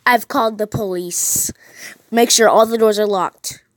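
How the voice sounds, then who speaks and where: A woman's voice: medium pitch, unhurried, dry recording, natural voice. A woman reading a text-message horror story aloud, voicing a worried, protective mother who gives urgent orders and avoids answering questions. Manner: urgent, evasive.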